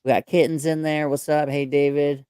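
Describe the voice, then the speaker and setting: Chill guy co-host, slightly high but mellow voice, dry close sound. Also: level tone, normal speed, clean tone, no echo. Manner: laid-back, greets viewers, jokey. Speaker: podcast co-host. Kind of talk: casual chat.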